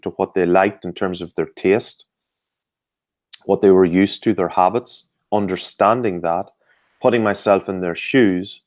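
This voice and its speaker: A middle-aged Irish man, a performance coach, answering interview questions in a measured, explanatory way with frequent fillers. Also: low voice, darkish tone, no room sound.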